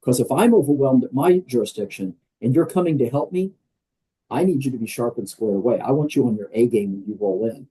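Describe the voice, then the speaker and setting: A man's voice: mid-range voice, expressive, fairly quick, dark tone, breathy edge, poor audio. An older American man, a guest on a podcast interview, talking in a conversational, emphatic way with many fillers. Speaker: guest, wellness program leader.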